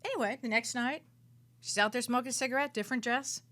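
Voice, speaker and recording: A woman who works as a psychic medium, a guest on a radio talk show, telling her story in an animated, dramatic way and repeating words for emphasis. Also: quick pace. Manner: animated, dramatic storytelling with big swings in pitch and loudness.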